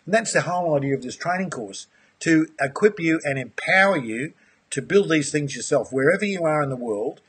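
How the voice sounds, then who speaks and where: A man's voice: mid-range voice, slightly rough. A man presenting a live aquaponics webinar, friendly and enthusiastic, answering viewers' questions and calling them mate. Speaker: aquaponics course instructor.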